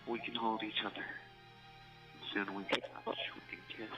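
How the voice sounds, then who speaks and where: A man speaking softly and soothingly to his partner over a jail phone call. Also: lowish voice, flat delivery, moderate pace. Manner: soft, soothing and affectionate. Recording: muffled phone recording with faint music.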